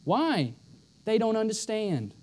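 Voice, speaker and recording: Emphatic high-voiced male preacher. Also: very animated, slow pace, darkish tone. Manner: emphatic, repeats lines for stress. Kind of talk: sermon.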